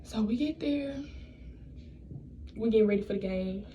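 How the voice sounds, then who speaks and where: A woman's voice: medium pitch, normal speed, mellow, dull audio, a little hiss or hum. A young woman telling a personal story in a casual storytime vlog, blunt and profane, rambling and restarting her sentences. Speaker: vlogger.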